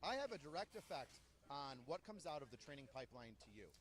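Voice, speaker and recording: Man, drill sergeant, animated storyteller, slightly high voice, lively delivery. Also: quick pace. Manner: animated storyteller who acts out quotes loudly. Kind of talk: interview storytelling.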